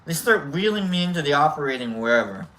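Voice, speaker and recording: Rambling, lively-voiced man telling stories. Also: a little high, quick pace, rough recording. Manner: rambling, self-deprecating, jokey. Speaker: livestream host. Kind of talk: casual livestream storytelling.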